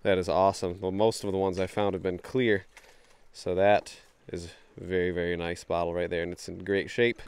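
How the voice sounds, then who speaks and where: A young man, chatting excitedly to viewers while wading a creek, sniffling from allergies. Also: sits low, brisk, clear, resonant tone. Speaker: bottle-hunting vlogger. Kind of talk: casual outdoor vlog narration. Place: outdoors in a creek.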